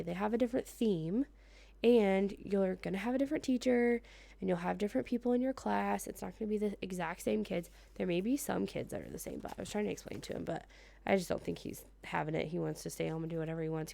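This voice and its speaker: Decorating her planner in the living room, a planner vlogger from the United States, a woman in her thirties, keeps up a casual plan-with-me chat. She laughs a lot and mutters to herself, and her mid-range voice is gravelly with a darkish tone.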